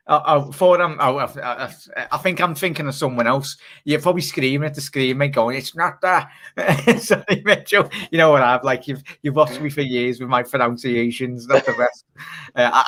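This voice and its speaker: A man's voice: medium pitch, a bit bright. A man hosting a casual live stream, reading out viewers' comments in a chatty way and laughing often. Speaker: channel host.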